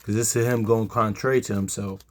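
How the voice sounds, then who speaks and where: A man's voice: lowish voice, fairly even intonation, a little fast, a little mellow, a little hiss or hum. A tired man giving a casual Bible study talk, rambling with lots of fillers and reading verses aloud. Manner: rambling, heavy fillers, reads scripture aloud. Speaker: Bible teacher.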